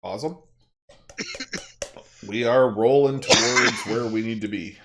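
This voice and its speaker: A man playing a tabletop game, calmly describing his character's actions. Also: mid-range voice, measured pace, a little hiss or hum. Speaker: player. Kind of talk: casual tabletop play.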